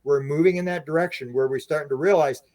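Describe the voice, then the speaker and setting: A man's voice: on the high side, fast, a little mellow, dry recording. A man talking as a podcast guest, explaining his ideas with earnest, rambling restarts. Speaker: podcast guest, UFO researcher. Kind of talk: conversational interview.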